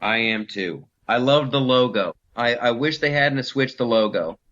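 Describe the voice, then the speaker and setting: A man's voice: mid-range voice, unhurried, a bit bright, highs cut off. A man hosting a comedy podcast, riffing in a casual, mocking way and mimicking politicians.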